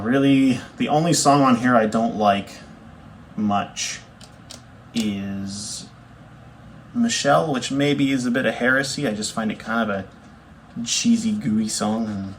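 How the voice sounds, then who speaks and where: A young man, a bassist chatting casually to camera in a rambling, easygoing way with fillers and self-corrections. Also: slight background noise. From Canada. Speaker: bassist showing his record collection.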